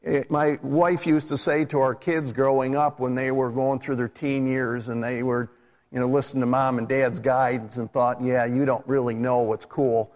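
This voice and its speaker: A man's voice: medium pitch, level tone, moderate pace, darkish tone. A middle-aged man, a minister, preaching a live sermon in a church in a conversational way, putting questions to his congregation. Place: church sanctuary. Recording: live church recording with long hall reverb.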